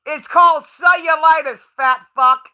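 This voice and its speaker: A woman on a livestream, chatting straight to her viewers with a high, bright voice. She is brash, profane and taunting, and laughs a lot between lines. Her talk is loose and off the cuff. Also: unhurried. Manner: laughs often while talking. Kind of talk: casual livestream talk to chat.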